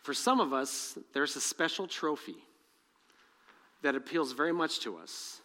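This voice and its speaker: Animated high-voiced preacher in an echoey hall. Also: male voice, unhurried. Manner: animated preaching with asides and humor; reads scripture aloud and acts out the dialogue. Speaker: pastor. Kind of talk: sermon.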